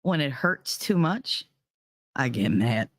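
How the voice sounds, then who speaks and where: A woman's voice: rumbling low, very animated, slow, no room sound. Profane woman telling a heated story. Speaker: podcast host. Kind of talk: storytelling monologue.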